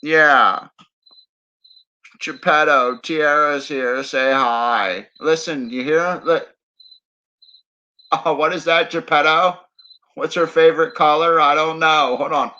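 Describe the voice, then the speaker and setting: Guy streaming late at night, laid-back slow rambling, joking around, kinda dull lo-fi audio. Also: on the high side, steady tone, pushed and bright. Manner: playful, rambling, teasing, chuckling. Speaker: livestreamer. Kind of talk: casual late-night livestream chat. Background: crickets chirping.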